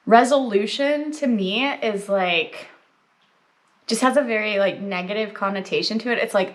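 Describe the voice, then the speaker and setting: A young adult woman chatting casually to camera as a vlogger, filler-heavy and lively, talking with her mouth full at times. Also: a little high, normal speed. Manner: chatty, lots of "like" and "um", eating while talking.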